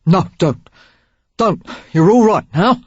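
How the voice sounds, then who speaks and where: A gruff, rakish gentleman mutters clipped comforts, as an audiobook reader voices him. The tone is husky and low-key, the reading dry and a little dull. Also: animated, takes it slowly, dry recording. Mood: gruff, soothing.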